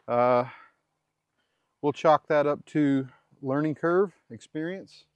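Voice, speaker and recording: A man's voice: fairly high pitch, slow pace, smooth, no room sound, dull audio. A man casually talking through a hands-on butchering job, rambling and correcting himself as he goes. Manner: rambling, self-correcting, chatty asides. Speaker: homesteader demonstrating butchery. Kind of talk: casual how-to commentary while working.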